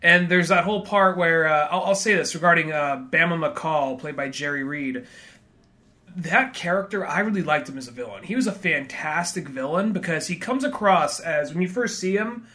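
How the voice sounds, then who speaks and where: A man's voice: on the high side, normal speed, pushed and bright. A man co-hosting a movie podcast in casual chat, rambling and correcting himself as he goes. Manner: rambling, self-correcting, acts out quotes. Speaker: podcast co-host.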